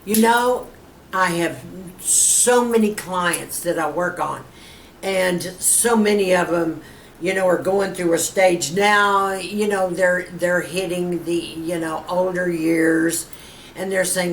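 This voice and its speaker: A mature woman in her fifties talks to her viewers as a beauty vlogger, chatty and encouraging, and keeps calling them girlfriend. Her voice sits a little low and comes from a slight distance. The room gives it a noticeable echo over faint background ambience. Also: takes it slowly, a little hiss or hum. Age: 50s. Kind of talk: casual advice to camera.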